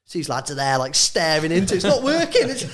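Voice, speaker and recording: A man's voice: fairly high pitch, big pitch swings, quick pace, fairly bright tone. An English man, a former football physio, chatting casually on a podcast and telling stories about players with a laugh. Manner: chatty, storytelling, laughs at own anecdotes.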